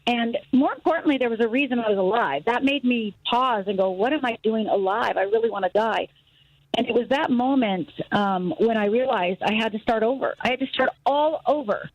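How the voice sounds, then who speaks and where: Animated woman telling her story on radio. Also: on the high side, a little fast, hardly any pauses, no echo, muffled recording. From Upper Michigan, US. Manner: animated storyteller, acts out voices, laughs easily. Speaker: guest, fear expert. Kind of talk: radio interview, personal story.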